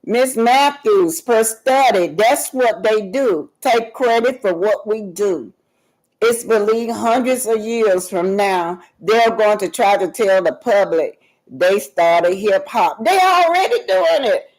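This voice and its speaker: A woman's voice: mid-range voice, slow, a little mellow, poor audio. Streaming host, woman, emphatic, chatty, speaks straight to viewers, loose delivery. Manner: emphatic, addresses viewers directly, loose and talkative. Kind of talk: casual live-stream chat reading viewer comments.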